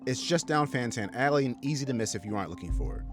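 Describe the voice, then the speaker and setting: A man's voice: medium pitch, lively intonation, fast, music in the background. A man narrating a travel vlog in a scripted, storytelling voice-over.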